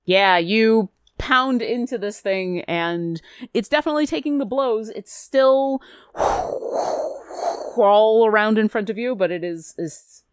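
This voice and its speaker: A woman's voice: mid-range voice, expressive, measured pace, clear, resonant tone, dry recording, clean studio sound. Woman game master narrating a tabletop game. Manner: vivid, amused narration.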